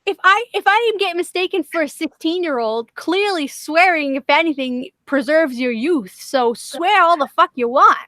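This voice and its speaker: Woman streamer, kinda high voice, swears constantly, laughs a lot, dry mic. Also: animated, moderate pace, hardly any pauses, pushed and bright, dry recording. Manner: blunt, profane, laughs often. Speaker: livestream host. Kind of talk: casual livestream chat.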